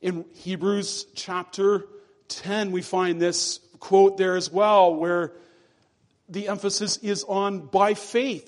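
Earnest and measured, this pastor delivers a sermon in a fairly high-pitched voice. Whenever a key phrase comes, he slows his pace and lets his voice sink low for emphasis.

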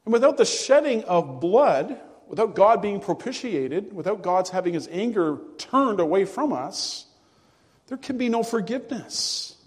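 A male pastor preaching a sermon to his congregation, earnest and emphatic, with hushed drops. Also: sits high, big pitch swings, measured pace, breathy edge, long reverb tail. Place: church.

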